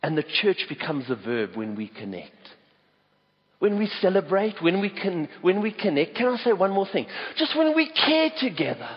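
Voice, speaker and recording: A man's voice: high voice, very animated, normal speed, slightly rough. A South African man preaching a sermon in a church auditorium, telling stories and stressing key words. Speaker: pastor. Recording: echoey hall, dull lo-fi sound.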